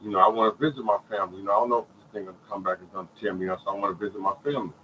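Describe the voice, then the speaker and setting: A man telling his own story in a casual, animated way, repeating phrases and checking in with listeners. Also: lowish voice, rapid-fire, slight background noise, rough recording. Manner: animated storytelling, many repeated phrases, often asks "you hear me". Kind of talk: casual spoken testimony.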